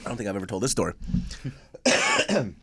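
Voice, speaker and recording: A man's voice: fairly low pitch, animated, moderate pace, darkish tone, slight background noise. A man co-hosting a podcast in casual chat, blunt and emphatic, swearing freely. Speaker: podcast co-host.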